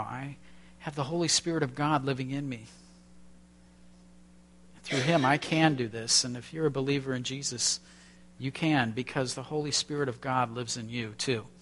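A pastor giving a sermon before communion, talking conversationally, asking rhetorical questions and restarting phrases. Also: male voice, mid-range voice, fairly bright tone, a little hiss or hum.

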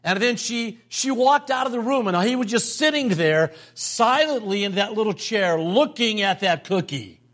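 An older pastor with a high voice preaches a sermon at a moderate pace with few pauses. His delivery is animated storytelling, and he repeats phrases for emphasis.

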